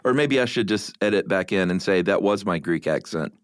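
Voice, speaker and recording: A man's voice: deep voice, animated, a little fast, no echo, studio quality. A man co-hosting a podcast in casual chat, a laid-back storyteller who mocks himself and fills gaps with "uh". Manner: laid-back, self-mocking storyteller with many uhs. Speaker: podcast co-host.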